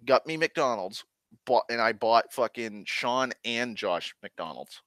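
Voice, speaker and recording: Profane rambling young man, bright voice. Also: medium pitch, takes it slowly, no room sound. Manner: rambling, profane, often backtracks and corrects himself. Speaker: host. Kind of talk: casual storytelling monologue.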